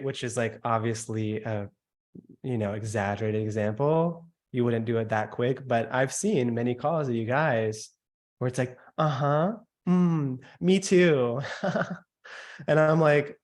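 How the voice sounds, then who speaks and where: A man teaching a sales workshop, stressing points by slowing down and dropping his voice, and mimicking the noises listeners make. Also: medium pitch. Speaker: sales coach.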